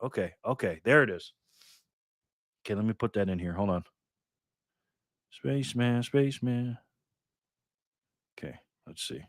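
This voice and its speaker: This livestream host has a low-leaning, expressive voice and an unhurried delivery full of pauses. He chats casually while reading comments, addressing viewers by name as "man" or "bro," in clean studio sound without echo.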